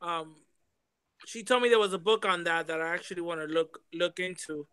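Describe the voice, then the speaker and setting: Male guest, high smooth bright voice, dry sound, rambling casual talk. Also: normal speed, no echo. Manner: chatty, loose, lots of ums and likes. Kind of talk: casual live-stream chat.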